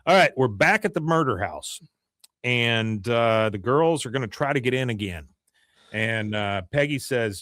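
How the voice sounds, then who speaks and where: The host is a man with a very lively, swinging voice who retells scenes in casual chat and keeps slipping into the characters' lines. He sounds close and dry on the mic, with no room around him. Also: medium pitch, unhurried, no room sound. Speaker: podcast host. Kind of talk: casual episode recap.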